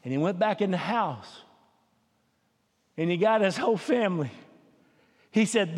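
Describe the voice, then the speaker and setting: A man's voice: sits high, expressive, normal speed, long pauses, in a large hall. A man preaching a sermon as pastor, in a folksy, conversational way. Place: church sanctuary.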